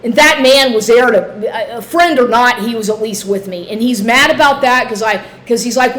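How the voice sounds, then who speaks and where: A woman's voice: fairly high pitch, moderate pace, hardly any pauses, a bit bright. A middle-aged woman in an angry personal rant, agitated, swearing and repeating herself.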